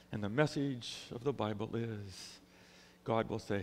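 A man's voice: on the low side, a little slow, creaky, big-room sound, slight background noise. A male pastor preaching a sermon, telling a story animatedly and acting out the characters.

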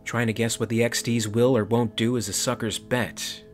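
Man voicing a wary veteran sergeant, cautionary drawl, mid-pitched. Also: level tone, normal speed, soft background music, close to an everyday voice.

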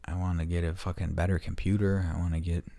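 A deep, gravelly man's voice with a warm tone talks fast and barely shifts in pitch. He hosts a podcast from home, rambling loosely in a heartfelt way and swearing freely. There's no room sound in the recording.

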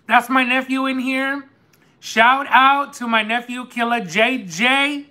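A man hosting a live eating stream, telling a story in an animated, chatty, lightly sarcastic way. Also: extremely high pitch, takes it slowly. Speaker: mukbang host. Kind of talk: casual storytelling while eating on a livestream.

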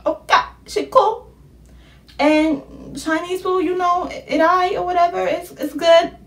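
A young woman telling a casual storytime tale, slangy and animated, jumping into high excited bursts when she quotes people. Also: measured pace, reverberant, distant mic.

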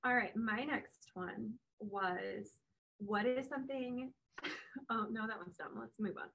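A woman's voice: fairly high pitch, takes it slowly, creaky, a bit bright, poor audio. A woman co-hosting a podcast, asking questions and chatting easily. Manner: easygoing, reads out questions. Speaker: podcast co-host. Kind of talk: casual chat.

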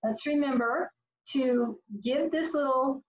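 A woman's voice: high voice, slow. A woman life coach giving an upbeat, playful motivational talk to camera. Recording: slightly distant, dull sound.

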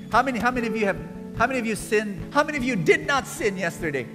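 A man's voice: very high voice, sing-song, quick pace. Man preaching in a reverberant hall. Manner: calls out to the audience for responses. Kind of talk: sermon. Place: large hall before a congregation. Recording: long hall reverb with guitar music behind.

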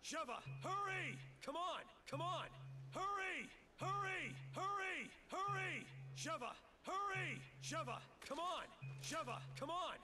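A shouting game soldier, high and strained. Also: male voice, animated, slow, long pauses, soft background music, full character voice. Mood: urgent. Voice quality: shouting, insistent. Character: urgent male soldier calling his partner in a video game. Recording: game audio heard quietly in the background.

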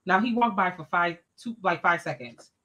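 Animated woman telling her story. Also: lowish voice, normal speed. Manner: animated, expressive, colloquial storyteller. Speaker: education scholar and interview guest. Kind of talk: personal storytelling in a podcast interview.

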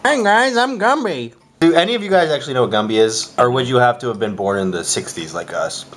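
A man's voice: lowish voice, expressive, fast talker. A young man co-hosting a comedy show, bantering goofily and reading fan questions aloud. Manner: jokey, sings silly jingles, reads fan questions. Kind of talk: goofy casual banter.

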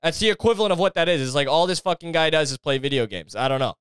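A man's voice: on the high side, expressive, very fast, a bit bright, smooth, no room sound, clean studio sound. A young adult man hosting a podcast, delivering a sarcastic, exasperated and profane comedic rant. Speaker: podcast host.

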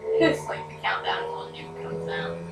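This gaming channel host chats through her gameplay, poking fun at herself and frequently laughing at her blunders. Her voice is very deep and completely flat, at normal speed, captured noisily on a distant mic in an echoey room.

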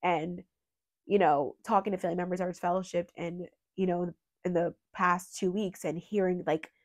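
A woman's voice: on the low side, fairly even intonation, moderate pace. A woman hosting a true crime channel, talking earnestly and with emotion, at times holding back tears and rambling with fillers.

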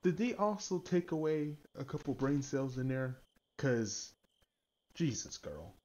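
A man giving let's-play commentary on a horror game, excitable and swearing, yelling at his companion character. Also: mid-range voice, a little slow, lo-fi sound, background noise. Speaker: gamer playing a VR horror game.

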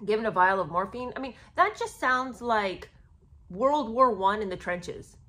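A woman talks through a book in a casual commentary style. She sounds sarcastic and exasperated, and her voice sits at an ordinary middle pitch. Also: lively intonation, unhurried, fairly bright tone.

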